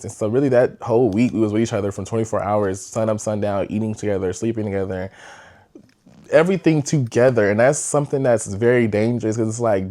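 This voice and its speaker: A man's voice: on the low side, fast talker. Chatty young man telling a story. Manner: chatty, animated retelling with many fillers. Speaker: podcast host. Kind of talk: casual storytime.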